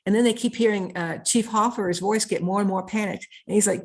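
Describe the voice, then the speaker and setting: A woman's voice: medium pitch, steady tone, quick pace, few pauses. Earnest woman recounting a story. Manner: earnest, piles up clauses with repeated "and". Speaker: author and interview guest. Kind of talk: conversational storytelling interview.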